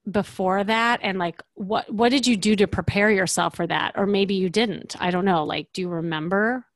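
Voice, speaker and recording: A woman's voice: mid-range voice, normal speed, no room sound. A young adult woman coaching a client on a podcast, upbeat and encouraging, with many fillers.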